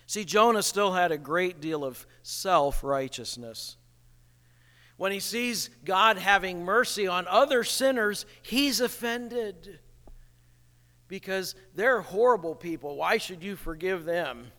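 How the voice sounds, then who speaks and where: A man preaching a sermon in an animated way, acting out the people he quotes. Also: high-pitched, slow. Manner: animated, acts out quoted voices, chuckles at the irony. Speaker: pastor. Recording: reverberant hall.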